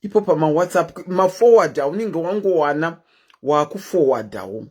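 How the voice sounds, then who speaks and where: A woman's voice: low voice, animated, normal speed, warm tone. A Zimbabwean woman hosting a casual live stream, chatting and greeting her viewers one by one.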